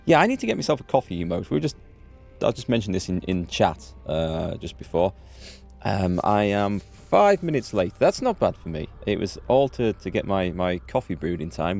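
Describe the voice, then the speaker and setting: Upbeat, low-voiced male game streamer. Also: sing-song, normal speed, gravelly, a little mellow, faint music behind. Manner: chatty and upbeat, thinking aloud with restarts and chuckles. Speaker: gaming streamer. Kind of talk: live-streamed game commentary. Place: indoors at home.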